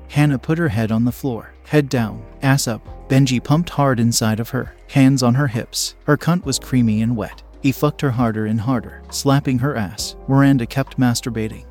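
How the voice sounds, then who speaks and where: A man narrating an erotic story in a steady, unhurried reading. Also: medium pitch.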